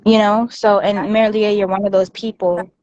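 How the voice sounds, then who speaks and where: A woman's voice: medium pitch, flat delivery, moderate pace, darkish tone. A woman calling into a livestream, rambling in casual chat and saying "like" often. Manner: rambling, heavy use of "like". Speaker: guest caller on a livestream. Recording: dull lo-fi call audio with faint noise.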